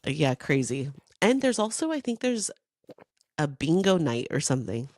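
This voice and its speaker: Raspy hoarse lady in her 30s podcasting, low voice that swoops all over, dry close sound. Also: dry recording. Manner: animated, chatty, quick to laugh. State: hoarse from coughing. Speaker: podcast co-host. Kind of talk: casual chat.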